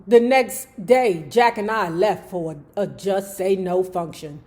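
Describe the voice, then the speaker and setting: A woman's voice: medium pitch, measured pace, a little mellow. A woman telling a story in casual commentary, with profanity and slang and acting out quotes. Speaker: YouTube storyteller.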